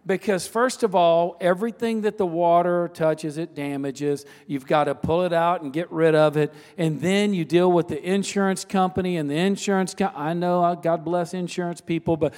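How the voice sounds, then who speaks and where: A man's voice: high voice, steady tone, moderate pace, few pauses, darkish tone. A man preaching a sermon as a pastor, telling a personal story in a conversational way with asides and repeated phrases. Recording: long reverb of a large hall.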